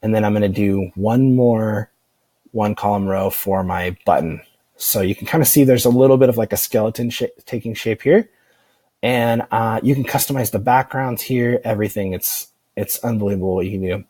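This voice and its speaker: An online marketing instructor narrates a screen-recorded software tutorial in a relaxed, rambling style, frequently saying "um" and restarting sentences. His voice is fairly low, and the audio is close-miked and dry.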